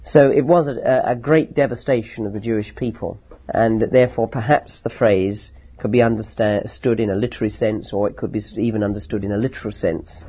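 Man, husky voice, Bible teaching, slow scripture reading, emphatic explanations, dull lo-fi sound. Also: fairly low pitch, fairly even intonation. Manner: reads scripture aloud slowly, then explains it with emphatic rises. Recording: dull lo-fi recording.

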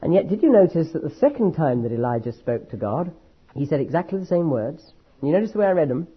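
A man preaching a sermon with an emphatic, dramatic delivery, slowing down to stress key words. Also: on the high side, very animated, breathy edge. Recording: dull lo-fi recording.

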